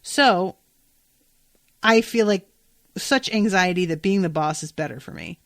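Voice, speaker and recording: A woman hosting a podcast, recapping a show in a relaxed, unhurried way. She swears often and slips into the characters' lines as she goes. The sound is close and dry, with no room echo. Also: on the low side, vocal fry. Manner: chatty, swears freely, acts out quotes. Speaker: podcast host. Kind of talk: casual episode recap.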